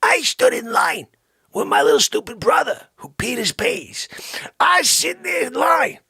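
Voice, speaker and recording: Raspy male comedy host, animated storyteller, bright and gravelly. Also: very high voice, normal speed, dry recording, studio quality. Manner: rambling, lurching between loud outbursts and hushed asides. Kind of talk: improvised comic storytelling.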